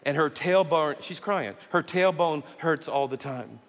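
A pastor preaching in a big church, his slightly high voice ringing out with a long hall echo behind it. He tells his stories with animated energy and acts out each side of a conversation. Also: measured pace. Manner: animated storyteller who acts out dialogue. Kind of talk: sermon. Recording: long reverb of a large hall.

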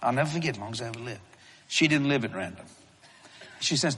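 Middle-aged preacher guy, folksy storytelling, kinda husky, big hall reverb. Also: medium pitch, fast talker, pauses often. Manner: folksy, animated storytelling with chuckles. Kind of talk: storytelling sermon.

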